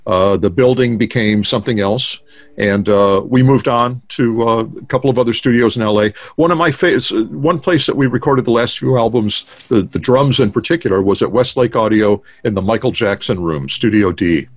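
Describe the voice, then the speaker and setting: In a casual video-call interview, a guest drummer from the United States, in his sixties, recounts stories with frequent fillers and false starts. His voice is medium in pitch at a normal speed, with no room sound.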